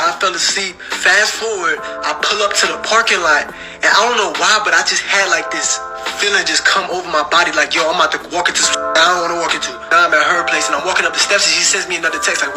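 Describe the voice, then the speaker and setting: A man casually telling a personal story in slangy speech and acting out the dialogue. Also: fairly high pitch. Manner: slangy, animated, acts out the dialogue.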